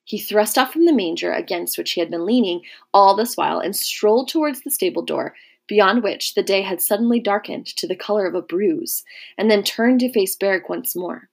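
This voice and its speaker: A woman narrating a historical novel in a measured, even storytelling manner. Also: mid-range voice, gravelly.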